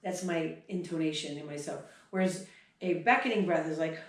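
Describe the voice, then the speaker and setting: A woman's voice: low-pitched, normal speed, a little hiss or hum. A woman horse trainer explaining breathing signals at a clinic, chatty, breaking off to sigh and huff out demonstrations. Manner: demonstrates breath sounds, sighs and huffs, chatty. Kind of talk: explaining at a workshop. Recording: echoey hall, mic far off.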